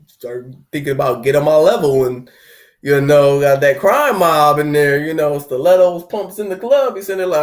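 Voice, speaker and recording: A man's voice: a little high, moderate pace. Young man chatting casually, acting out inner voices. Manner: loose and conversational, acts out inner voices. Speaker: spiritual video host. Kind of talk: casual spoken talk on heartbreak.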